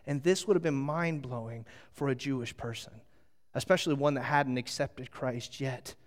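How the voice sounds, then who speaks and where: A middle-aged man preaching a sermon as a pastor, animated and storytelling, drawing the audience into a little game. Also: medium pitch, normal speed. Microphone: handheld microphone.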